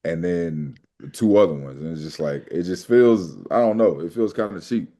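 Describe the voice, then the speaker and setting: A man with a low, mellow voice talks in a relaxed, loose way, full of fillers and trailing thoughts. He is a co-host of a casual wrestling review show. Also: normal speed. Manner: laid-back, hesitant, many fillers. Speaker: podcast co-host.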